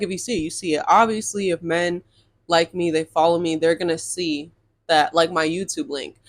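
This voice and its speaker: Animated young woman ranting a storytime. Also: lowish voice. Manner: animated, exasperated, swears, addresses viewers as y'all. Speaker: storytime vlogger. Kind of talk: casual storytime rant.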